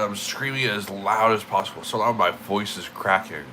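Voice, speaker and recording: A man's voice: on the low side, moderate pace, hardly any pauses, pushed and bright, a little hiss or hum, low-quality recording. A young man livestreaming, just woken up, rambling and swearing with emphatic repeated words. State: just woke up. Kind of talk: casual streaming rant.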